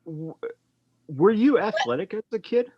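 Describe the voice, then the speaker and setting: A man's voice: sits high, big pitch swings, a little slow, highs cut off. A man hosting a casual podcast interview, talking in a rambling way with lots of filler phrases. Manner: rambling, heavy on "you know" fillers. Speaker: podcast host.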